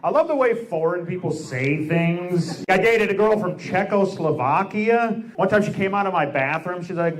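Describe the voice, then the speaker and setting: On a comedy club stage, a man does stand-up, firing off dry one-liners and teasing the crowd. His voice sits high and animated, at a moderate pace. Heavy noise covers this poor-quality live recording.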